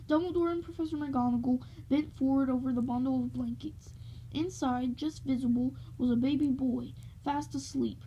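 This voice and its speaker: A woman reading a novel aloud in a steady, gentle storytelling way. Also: sits high, moderate pace, a little hiss or hum, low-quality recording.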